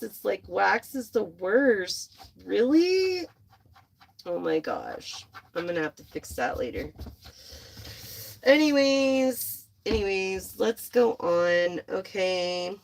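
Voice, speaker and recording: A young woman giving a casual, excitable tarot reading to her viewers, gushing and swearing freely. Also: mid-range voice, creaky. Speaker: tarot reader.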